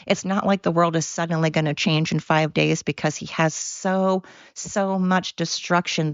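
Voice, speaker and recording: A woman's voice: sits low, no echo, lo-fi sound. A woman hosting her own podcast, ranting in a heated, blunt way and swearing freely. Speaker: podcast host. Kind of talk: solo podcast rant.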